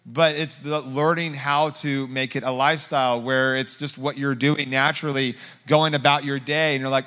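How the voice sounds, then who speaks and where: A middle-aged man preaching as a guest pastor, telling a story in a rambling, filler-heavy way and getting animated when he quotes himself. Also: mid-range voice, moderate pace. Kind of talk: conversational sermon storytelling. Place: church sanctuary. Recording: long hall reverb.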